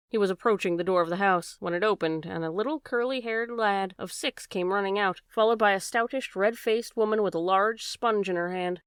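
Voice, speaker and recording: A woman narrating a classic novel as an audiobook reader, steady and measured. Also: mid-range voice, clean tone, no room sound, clean studio sound.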